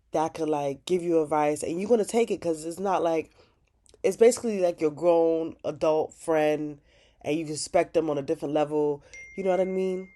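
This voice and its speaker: A young woman hosting a casual vlog, chatting animatedly and saying "like" a lot as she recaps an episode. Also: low-pitched. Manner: chatty, animated, heavy use of "like". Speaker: channel host recapping a TV episode.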